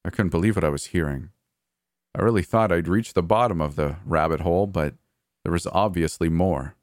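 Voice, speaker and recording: Man, very deep voice, first-person horror narration, somber, dry close mic. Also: fairly quick, no room sound.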